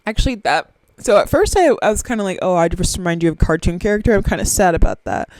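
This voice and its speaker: A young woman hosting a casual solo podcast, talking in an animated, silly, excitable way with sudden squeals. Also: fairly low pitch, quick pace, no room sound. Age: young adult. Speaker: podcast host.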